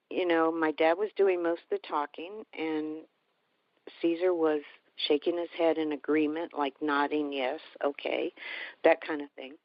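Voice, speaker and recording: Woman with a low voice, dry and close, heartfelt and halting storytelling, dull slightly lo-fi sound. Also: dry recording. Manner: halting, heartfelt retelling with many restarts. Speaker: guest telling a personal story. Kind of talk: casual personal storytelling.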